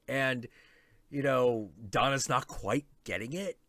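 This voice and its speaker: A man hosting a casual stream chat, excitable and swearing a lot, acting out quotes as he talks. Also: mid-range voice, takes it slowly, dry recording. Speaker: host.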